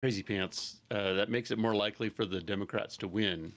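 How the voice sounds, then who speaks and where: Man podcast co-host, lowish voice, halting delivery with frequent filler pauses. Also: fairly even intonation, a bit bright. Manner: hesitant, full of uh pauses and restarts. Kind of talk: casual chat.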